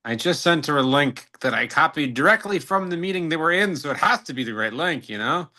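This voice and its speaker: A man's voice: on the high side, animated, brisk, pushed and bright. A man in a casual video-call chat, speaking in a thoughtful, hesitant way and often repeating words. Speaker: guest.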